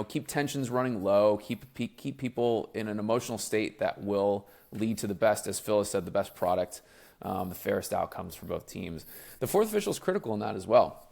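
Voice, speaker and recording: A man with a somewhat low voice talks through his work as a referee. He sounds measured and explanatory, building his points carefully in a relaxed interview. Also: creaky. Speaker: professional referee guest. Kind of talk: casual interview chat.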